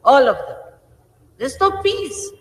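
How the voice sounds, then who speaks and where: A woman's voice: high voice, sing-song, takes it slowly. A woman, a spiritual teacher, gives an informal, emphatic sermon, admonishing her followers. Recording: echoey hall with faint hiss.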